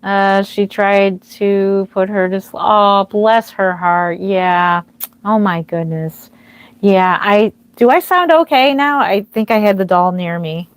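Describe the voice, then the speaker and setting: A woman's voice: mid-range voice, slow pace, smooth, no echo. A woman hosting a livestream as a reborn doll artist, chatting with viewers, thanking them by name, with lots of fillers and a slightly dry throat. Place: home nursery. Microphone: wearing a microphone.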